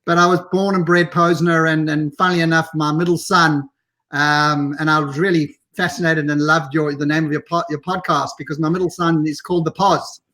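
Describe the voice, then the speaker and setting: A man's voice: a little high, little pitch movement, a little fast, pushed and bright. A man in his fifties from South Africa, chatting casually as a guest on a live video call. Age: 50s. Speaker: podcast guest.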